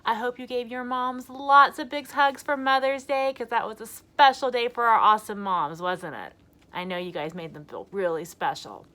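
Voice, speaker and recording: A young woman teaching a lesson to small children, speaking slowly, clearly and with lots of encouragement. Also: a little high. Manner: animated, encouraging, slow and clear. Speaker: preschool teacher.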